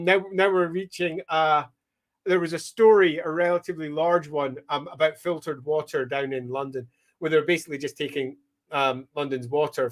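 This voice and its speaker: A Scottish man with a noticeably high-pitched voice chats casually on a livestream. He thinks aloud as he goes, hesitating with frequent ums and pausing to welcome viewers by name. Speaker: livestream host. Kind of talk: casual livestream chat while mapping.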